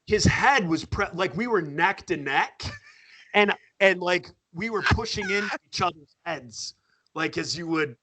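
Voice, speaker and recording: A man's voice: sits high, unhurried, no room sound. A man telling a long story in a casual chat, acting out what people said and laughing as he goes. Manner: animated, acts out quotes with laughter. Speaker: podcast guest storyteller.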